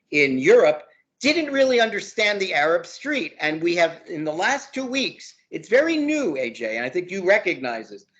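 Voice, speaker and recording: A man's voice: high voice, fairly bright tone. A man, a law professor as interview guest, talking heatedly and hammering points by repeating words. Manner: emphatic, repeats words for force. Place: lives in Brooklyn.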